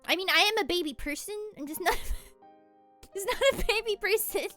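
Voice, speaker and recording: A woman's voice: extremely high pitch, expressive, normal speed, bright, forceful tone, soft background music. A young woman streamer in casual chat, giggly and rambling, often laughing at herself. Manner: giggly, rambling, self-deprecating.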